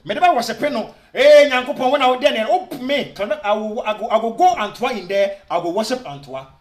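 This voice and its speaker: A man's voice: very high-pitched, animated, a little fast, reverberant. A Ghanaian man giving argumentative video commentary, switching between Twi and English and firing off rhetorical questions. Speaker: online commentator.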